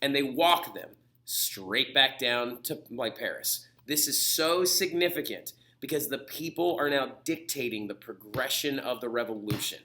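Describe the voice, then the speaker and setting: A male history teacher giving a lively lecture video, telling history as an animated story with put-on voices. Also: medium pitch, normal speed.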